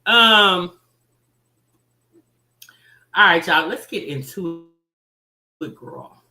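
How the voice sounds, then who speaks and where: Chatty woman reaction host, lively and bright-voiced, slow delivery, roomy sound. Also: on the low side. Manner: chatty, addresses viewers as y'all, teasing. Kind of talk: casual livestream commentary.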